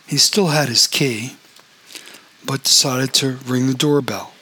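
A man reading an audiobook in a steady, even storytelling voice. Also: medium pitch, a little slow, husky. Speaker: audiobook narrator.

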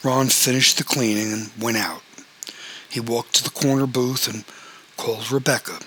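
A man narrating a novel in a steady, matter-of-fact storytelling manner. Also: mid-range voice, moderate pace, slightly rough, low-quality recording. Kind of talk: audiobook fiction reading.

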